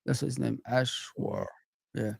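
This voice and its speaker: A man's voice: mid-range voice, fairly even intonation, slow pace, creaky, husky, dry recording, clean studio sound. A man co-hosting a live football watch-along stream, chatting casually and calling the audience "guys". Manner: chatty, repeats "guys" and "man", British slang. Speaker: livestream co-host.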